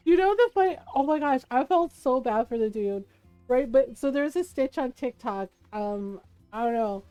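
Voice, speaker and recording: Giggly streamer lady in her 30s, high voice, dry close sound, bit of game music under. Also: lively intonation, normal speed, warm tone, clean tone, dry recording. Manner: chatty, giggly, hums to herself. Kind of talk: casual stream chat.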